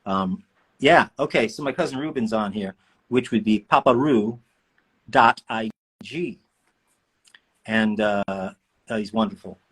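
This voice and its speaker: Signing autographs on a livestream, a male voice actor jokes with fans in a relaxed, playful chat from an indoor room. His lowish voice is slightly rough yet fairly bright in tone. He talks a little slowly and pauses often.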